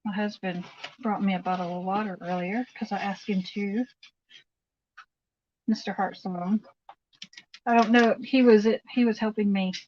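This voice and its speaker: A woman's voice: mid-range voice, steady tone, fairly quick, a little mellow, highs cut off, a little hiss or hum. Chatty woman cooking on a phone livestream. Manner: chatty, rambling, answers viewer comments. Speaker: livestream host. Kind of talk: casual chat while cooking. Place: home kitchen.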